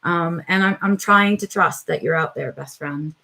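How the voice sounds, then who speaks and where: On her live stream, a middle-aged host talks to viewers in a lowish, gravelly, bright voice with a forceful tone at a moderate pace. Even so, she comes across as reflective and hesitant, full of "um"s and "right?"s.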